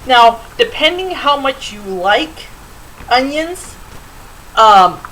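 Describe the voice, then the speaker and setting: A woman's voice: sits high, very animated, slow pace, fairly bright tone, a little hiss or hum, poor audio. Chatty woman giving a kitchen demonstration. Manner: chatty, rambling, with fillers. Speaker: cooking show host. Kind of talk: casual cooking demonstration. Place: home kitchen.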